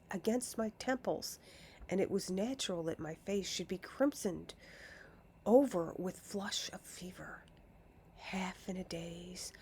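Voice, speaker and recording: Slow, hushed woman reading a storybook. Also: mid-range voice, a little hiss or hum. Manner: slow, deliberate, often slipping into a hush. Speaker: narrator.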